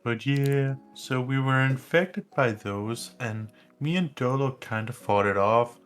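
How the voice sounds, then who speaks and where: A man's voice: medium pitch, unhurried, a bit bright, clean tone. A man playing a tabletop role-playing game, recapping events in a rambling way. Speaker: player.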